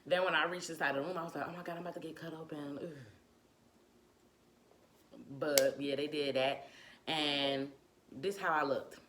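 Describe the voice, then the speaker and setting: A young woman chats through a storytime, animated and full of slang, acting out voices as she goes. Her voice sits low but rings bright and sharp. A faint hiss runs under the recording. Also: fairly quick. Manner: animated, slangy, acts out quotes, laughs often. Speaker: vlogger telling a birth story. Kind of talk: casual storytime chat.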